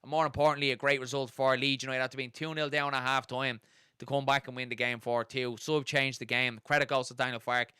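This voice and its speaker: An Irish man hosting a live football watchalong, chatting casually and reading out viewer comments at a fast, excited clip. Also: mid-range voice, clean tone, dry recording, clean studio sound. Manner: fast-talking, gets excited and carried away. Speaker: host of a football watchalong stream.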